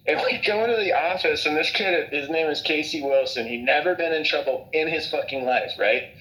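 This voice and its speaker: A man's voice: on the high side, a little fast, pushed and bright, roomy sound, poor audio. A man recounting school memories with friends, swearing freely and chuckling through the telling. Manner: profane, chuckling storyteller. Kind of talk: casual storytelling chat.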